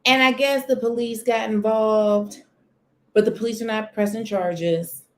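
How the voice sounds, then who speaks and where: Her voice is a little high, with fairly even intonation and a measured pace. As a livestream host in a sunny window corner of her home, she chats expressively about celebrity news and says hello to chat viewers by name.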